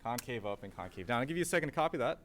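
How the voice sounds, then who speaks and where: A man's voice: mid-range voice, expressive, racing, slight background noise. Math teacher guy in class, voice bounces up and down a lot, keeps asking "what?" then answers it himself. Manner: asks the class questions and answers them himself; repeats key terms with emphasis. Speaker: calculus teacher. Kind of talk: classroom lecture.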